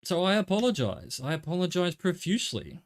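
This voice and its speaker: A man's voice: sits high, sing-song, a little fast. Rambling middle-aged Australian man streaming. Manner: rambling, wry, jokey asides to chat. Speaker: game streamer. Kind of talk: casual live-stream chatter while gaming.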